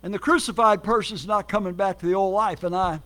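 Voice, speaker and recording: A man preaching as a guest, telling his life story with lively acted quotes and sudden swings between loud and soft. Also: sits high, a little fast. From Minnesota, United States. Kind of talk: sermon.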